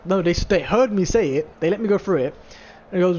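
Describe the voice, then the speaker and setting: A man's voice: high-pitched, expressive, fast talker, few pauses, a little mellow. A man, chatting casually and telling a long story full of swearing and filler words. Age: 20s. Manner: rambling and profane, full of filler "like". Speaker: vlogger.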